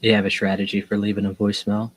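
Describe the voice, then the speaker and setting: A man's voice: lowish voice, monotone, quick pace, slight background noise, rough recording. A man chatting casually on a livestream, easygoing and helpful, chuckling often. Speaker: co-caller on the stream.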